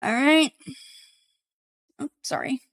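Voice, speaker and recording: A woman running a tabletop game online, relaxed, chatty and quick to laugh. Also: high-pitched. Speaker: game master.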